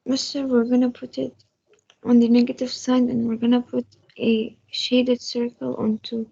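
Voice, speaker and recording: A woman's voice: on the high side, level tone, normal speed, gravelly, warm tone, breathy edge, highs cut off. A female student answering her teacher politely in an online class. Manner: polite, addresses teacher as mister.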